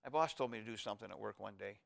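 A middle-aged male pastor preaching a sermon, pushing his voice up hard on key points and going soft and hushed when he prays. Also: very fast, creaky. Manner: emphatic preaching that rises high and loud on key points; drops to a quiet, soft voice in prayer.

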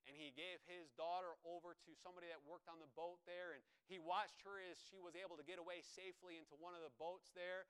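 A man's voice: high voice, steady tone, fast talker, few pauses, fairly bright tone, clean tone, rough recording. A man preaching a sermon, telling a story with emphasis and repeating phrases for weight.

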